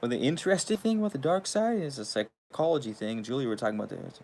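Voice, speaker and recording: A man's voice: mid-range voice, sing-song, fast, a little mellow. A man hosting his channel in a casual, rambling monologue, swearing freely and laughing between thoughts. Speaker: channel host.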